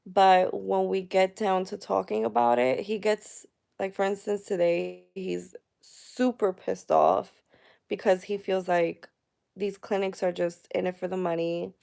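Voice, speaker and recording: A woman's voice: mid-range voice, little pitch movement, unhurried, creaky, mellow, clean tone. A woman in her thirties talking candidly to her viewers in a personal vlog, emotional and chatty with many fillers. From United States. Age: 30s. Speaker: vlogger. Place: at home.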